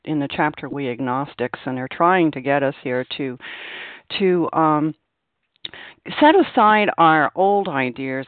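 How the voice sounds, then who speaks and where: A woman's voice: sits low, dry recording. A woman sharing her experience at a recovery meeting, earnest and repeating key phrases for emphasis. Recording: dry, tinny phone line.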